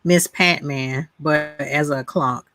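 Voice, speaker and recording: A woman's voice: sits low, fairly even intonation, takes it slowly, fairly bright tone, slight background noise. A woman co-hosting a podcast, chatting casually about a show, laughing often and acting out quotes from it. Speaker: podcast co-host. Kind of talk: casual review chat.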